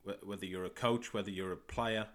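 A young man from England with a West Midlands accent hosts his own soccer podcast by himself; he is also a soccer coach. His low voice stays fairly flat through this solo monologue, and he speaks haltingly, repeating words and filling pauses.

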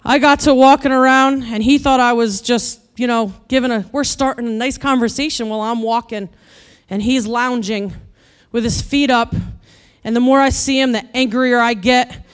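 A woman preaching with a funny personal story, animated and building to loud exasperated rants. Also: on the high side, moderate pace, clear, resonant tone. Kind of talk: humorous sermon storytelling.

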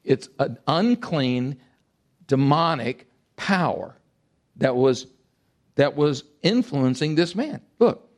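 A man in his sixties preaching a sermon, emphatic and animated, swinging between loud bursts and quiet asides. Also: a little high, slow pace. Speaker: pastor.

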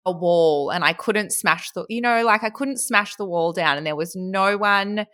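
A woman's voice: mid-range voice, moderate pace, fairly bright tone. A woman, hosting a casual podcast chat in a candid, chatty way and laughing often. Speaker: podcast host.

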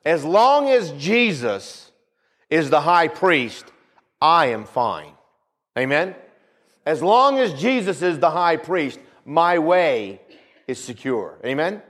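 Lively-pitched preaching man. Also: takes it slowly. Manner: preaching with rising and falling emphasis, repeats phrases, calls for amens. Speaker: pastor. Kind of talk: sermon.

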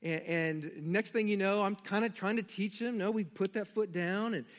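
A man's voice: high-pitched, normal speed. A middle-aged man, a pastor, preaching a sermon and telling family stories directly to his congregation. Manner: storytelling, animated, addresses the congregation directly.

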